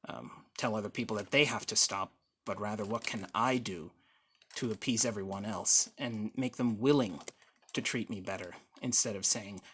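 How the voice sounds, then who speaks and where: A timid, eager-to-please patient, as a man puts him on speaks in a deep, hushed voice, pausing and restarting as he searches for words. His tone is small and placating. It is a homemade one-man reenactment with a faint hiss. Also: natural voice. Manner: hesitant, halting, placating. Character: meek, hesitant male group-therapy patient.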